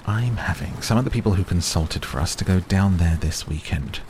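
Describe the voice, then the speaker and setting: A man's voice: low voice, fairly quick, darkish tone, slight background noise, lightly acted. A man voicing an old male tycoon who is cheerful, persistent and talks over others, read as an audiobook character.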